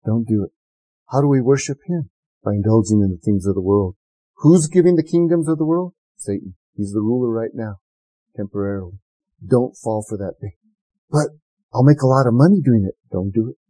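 A pastor preaching a sermon in a conversational, emphatic way, with sudden high excited bursts. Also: male voice, a little fast, dry recording.

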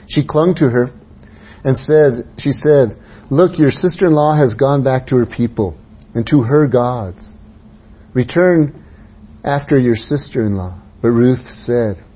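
A man preaching a sermon, dropping to soft low asides and rising to raised, urging exhortation. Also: slightly rough. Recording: dull lo-fi sound.

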